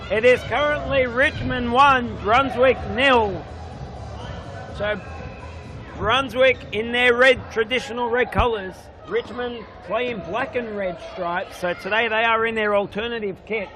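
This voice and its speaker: A man doing chatty, jokey live commentary on a futsal match in an indoor stadium. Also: very high voice. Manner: chatty, jokey, banters with the referee. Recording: crowd noise in a sports hall. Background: crowd noise.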